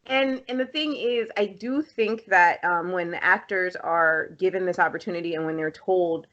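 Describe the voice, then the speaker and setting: A woman co-hosting a casual podcast chat, animated and talkative. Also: on the low side, normal speed. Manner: animated, talkative, laughs easily. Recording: slightly dull lo-fi audio.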